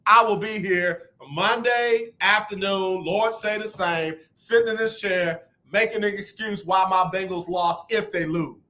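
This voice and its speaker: A man hosting a sports talk radio show, teasing callers and trash-talking loudly. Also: high voice, steady tone, a little slow, hardly any pauses.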